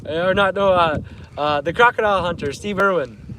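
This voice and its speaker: A man's voice: sits high, normal speed, background noise. A man in his thirties chatting casually with livestream viewers from a canoe on a lake, laughing often and reading comments aloud. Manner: laid-back, laughs often, reads chat aloud. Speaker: fishing livestreamer. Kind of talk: casual live-stream chat.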